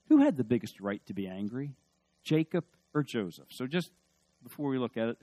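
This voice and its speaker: A man preaching a sermon at a middle pitch. He tells stories in a soft, slow voice, then lifts into loud, eager lines, and he often turns to the congregation with questions. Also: no room sound. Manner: storytelling, swings from hushed to emphatic, asks the audience questions. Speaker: pastor.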